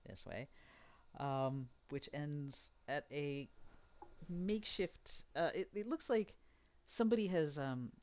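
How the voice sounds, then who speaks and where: A dungeon master narrating a tabletop game live, talking in a halting way with many fillers and restarts. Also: medium pitch, lively intonation, a little mellow.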